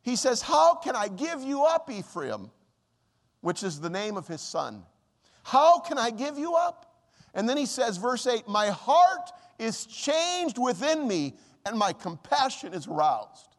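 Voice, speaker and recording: A man's voice: very high voice, very animated, measured pace, in a large hall. A man preaching a sermon with passion, his voice rising and dropping sharply when he speaks for God. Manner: impassioned preaching, dramatic rises and drops when quoting God. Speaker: pastor.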